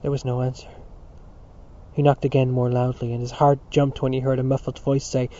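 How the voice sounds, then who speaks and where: A man reading a novel aloud as narrator in a measured storytelling manner. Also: medium pitch, flat delivery, mellow. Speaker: audiobook narrator. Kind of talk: scripted narration. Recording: dull lo-fi recording.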